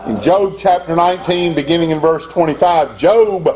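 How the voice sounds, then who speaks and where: An older man preaching a sermon as pastor, in an impassioned style that climbs to high, emphatic peaks. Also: normal speed, a little mellow.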